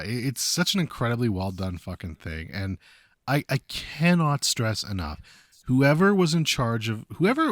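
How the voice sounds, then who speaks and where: A man chatting on a podcast, his pitch swinging a lot as he tells a story and curses for emphasis. His voice sounds close and dry, with almost no room behind it. He talks in a loose, casual way. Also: no echo. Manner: profane, animated storytelling. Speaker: podcast co-host. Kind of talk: casual chat.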